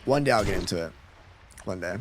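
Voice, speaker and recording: A man's voice: deep voice, lively intonation, brisk, heavy background noise. A man live-streaming a game, chatting casually with his viewers and reading out their messages with a laid-back, chuckling manner. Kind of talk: casual live-stream chat while gaming.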